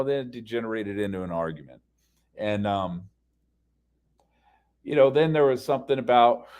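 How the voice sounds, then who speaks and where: A man's voice: on the low side, darkish tone. A man telling a story as a casual rant, heated and profane, with frequent fillers. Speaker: podcast ranter.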